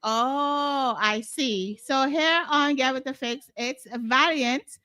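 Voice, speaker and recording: A woman's voice: high voice, takes it slowly, bright, forceful tone, clean tone. A woman hosting a casual interview, chatty and teasing.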